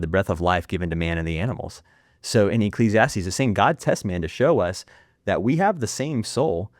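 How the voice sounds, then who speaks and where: A man, a filmmaker guest on a podcast, talking intensely in rapid bursts with frequent restarts. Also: low-pitched, no room sound, clean studio sound. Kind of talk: impassioned podcast interview.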